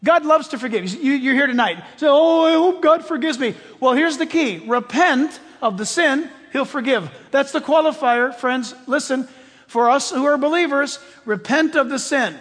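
A man preaching a sermon to his church, animated, swinging between loud exclamations and hushed, nearly whispered passages. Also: very high-pitched, normal speed. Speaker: pastor. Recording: long hall reverb.

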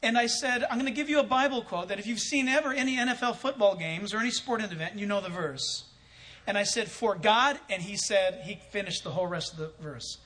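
A man's voice: high-pitched, quick pace, pushed and bright. A man telling a story in a sermon as a pastor, acting out both sides of a conversation and chuckling often.

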